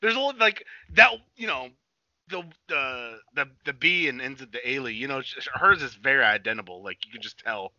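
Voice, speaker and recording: A man in casual podcast banter, cursing freely and joking with his co-host. His voice is very bright and sharp. It comes through a dry, dull, lo-fi mic. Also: mid-range voice, expressive, fairly quick, no room sound. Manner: loose, profane and joking, calls his co-host buddy.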